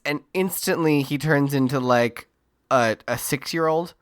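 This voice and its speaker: Sarcastic male podcast co-host, slightly high voice. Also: unhurried, clean tone. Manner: sarcastic, does silly impressions of characters. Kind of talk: casual movie recap chat.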